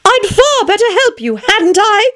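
An eager, kind-hearted young girl from a storybook, voiced by a woman, chattering excitedly in a very high voice. Her pitch bounces up and down all the time. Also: a little slow, exaggerated voice. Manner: bright and excitable.

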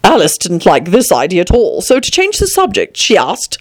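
A woman reading a children's storybook aloud, expressive and voicing every character herself. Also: fairly low pitch, moderate pace. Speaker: narrator.

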